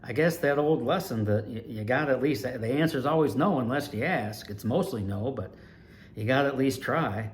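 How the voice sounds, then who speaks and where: A man in his sixties from Ohio, an animated storyteller recalling his years as a race announcer. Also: mid-range voice, moderate pace, slight background noise. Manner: animated, lively storyteller with big swings in loudness. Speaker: retired dirt track race announcer, channel host.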